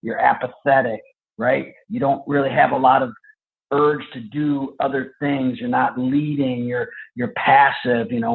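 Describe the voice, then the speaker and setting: A man, a police trainer and podcast guest, telling stories in a lively, conversational way. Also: mid-range voice, unhurried, vocal fry. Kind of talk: storytelling interview answers. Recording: tinny phone-like line.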